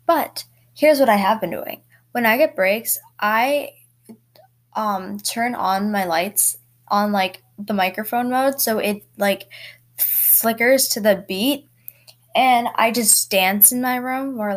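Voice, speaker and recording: A teenage girl talks into a home microphone, hosting a solo podcast. Her voice sits a little high, and she rambles through casual chat full of fillers and quick laughs. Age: teens. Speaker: podcast host. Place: bedroom at home.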